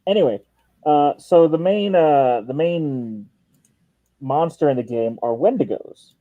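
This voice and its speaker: A man's voice: a little high, lively intonation, a little slow, dry recording, narrow, tinny audio. A man hosting a stream in casual, joking chat, swearing and laughing often. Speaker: stream host.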